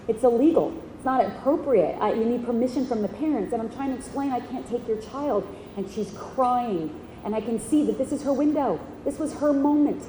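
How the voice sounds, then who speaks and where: A woman's voice: mid-range voice, mellow, reverberant, in a large hall, a little hiss or hum, rough recording. A woman giving a keynote speech at an outdoor event, telling a personal story in earnest, emotional, fragmented phrases. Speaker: keynote speaker. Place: outdoor event at a horse park.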